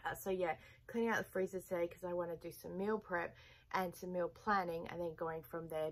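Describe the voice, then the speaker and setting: A woman's voice: lowish voice, a bit bright, husky, low-quality recording. A woman vlogging to her viewers in a casual, rambling chat, laughing often as she talks. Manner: chatty, rambling, with frequent laughs.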